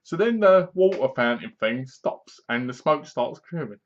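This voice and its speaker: Brief: man, slightly higher voice, lively film recap, dull lo-fi recording. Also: moderate pace, few pauses. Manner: animated, acts out characters' lines, laughs at his own jokes. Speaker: movie reviewer.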